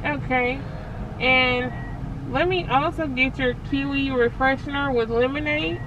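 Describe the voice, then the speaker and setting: High-voiced sassy woman vlogger. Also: fairly even intonation, measured pace, muffled recording, background noise. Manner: sassy, teasing banter. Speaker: vlog co-host. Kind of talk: casual vlog chat and ordering. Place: car at a drive-thru.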